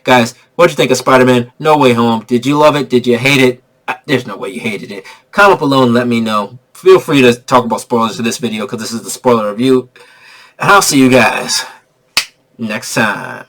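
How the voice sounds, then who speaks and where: A young man giving an excitable, slangy spoiler review of a movie, repeating himself for emphasis. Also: medium pitch, moderate pace.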